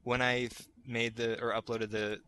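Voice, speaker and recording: A man's voice: medium pitch, flat delivery, moderate pace, sharp tone, slight background noise. A man hosting a casual gaming podcast, rambling a little and often restarting his sentences. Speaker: podcast host.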